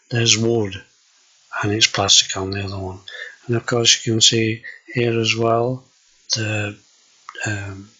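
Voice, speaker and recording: Slow older Yorkshire man, husky. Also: lowish voice, bright, forceful tone, lo-fi sound. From Yorkshire, England. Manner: slow, hesitant, with many fillers. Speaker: vlogger. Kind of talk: casual home video walkthrough.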